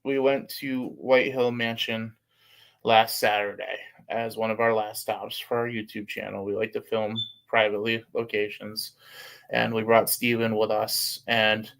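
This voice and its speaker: A man's voice: on the low side, gravelly. A man co-hosting a casual podcast, upbeat and speaking straight to viewers. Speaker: co-host.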